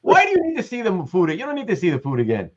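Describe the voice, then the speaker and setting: A man hosting a live online sale, his voice sitting a bit high. He rambles cheerfully, reads out viewers' names and jokes with his guest. The stream audio is slightly dull and lo-fi. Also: wildly swooping pitch, quick pace, a crowd in the background. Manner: chatty, laughs often, reads chat aloud. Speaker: livestream host. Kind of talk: casual live-stream chat.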